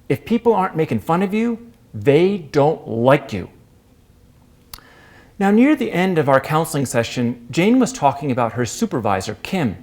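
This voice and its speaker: A male performance artist delivering a staged storytelling monologue, his voice swinging widely and animatedly in pitch. He shifts pace freely, speeding through some phrases and drawing out others for effect, in a performance space. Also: darkish tone.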